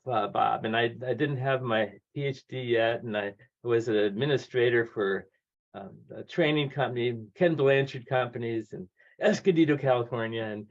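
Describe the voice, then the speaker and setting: A man in his sixties, a guest author telling lively stories, acting out the voices of people he quotes and laughing often. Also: medium pitch. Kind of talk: conversational storytelling. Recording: dull lo-fi audio.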